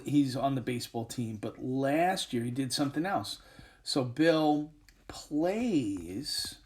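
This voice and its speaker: This whiteboard grammar lesson features a man whose voice is on the high side and darkish in tone. He takes learners through English grammar step by step, with frequent pauses and filler words.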